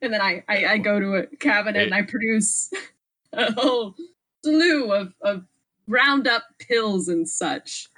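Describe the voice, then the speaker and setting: A woman's voice: mid-range voice, unhurried, bright, forceful tone, rough recording. A woman playing her character in a tabletop role-playing game, speaking in a playful, theatrical way. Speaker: guest player.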